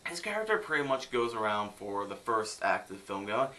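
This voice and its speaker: A man's voice: lowish voice, very animated, a little fast, few pauses, sharp tone. A young man from the United States ranting sarcastically in a film review vlog.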